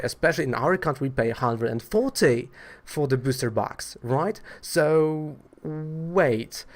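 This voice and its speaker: A man from Poland tells a story in a casual vlog, rambling with lots of fillers in a wry, exasperated way. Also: a little high. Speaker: trading card seller telling a story.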